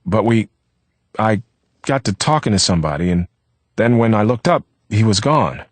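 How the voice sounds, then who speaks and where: A man voicing an uneasy young man who answers in halting, evasive phrases. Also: on the low side, big pitch swings, no echo, pitched above the performer's own voice. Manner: hesitant, halting.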